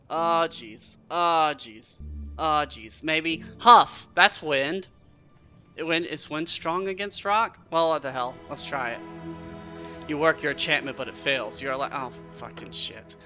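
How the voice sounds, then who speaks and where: A man doing let's-play commentary, reading game text aloud and reacting with excited, cursing self-talk. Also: a little high, highs cut off. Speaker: game streamer.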